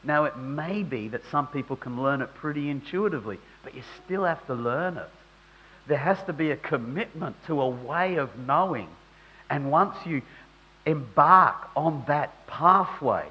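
A man's voice: on the high side, fairly bright tone, slightly rough, low-quality recording. A man preaching a sermon in a conversational way that rises into emphatic bursts.

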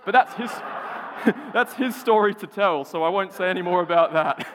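A man's voice: high voice, unhurried, slight background noise. Australian man preaching in a reverberant hall. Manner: animated storytelling with frequent stammered restarts and laughs. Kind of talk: sermon with personal story.

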